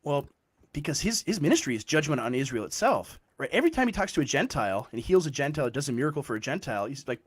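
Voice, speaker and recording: Animated man explaining scripture. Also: fairly high pitch, fast talker, breathy edge. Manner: animated, explains with frequent "right?" checks. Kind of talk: casual theological discussion.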